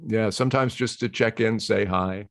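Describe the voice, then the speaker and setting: An older man, a guest on a conversation show, telling stories in a lively way, acting out quoted voices and laughing easily. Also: on the low side, moderate pace, no echo, clean studio sound. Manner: animated storyteller who slips into quoted voices. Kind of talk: casual conversation.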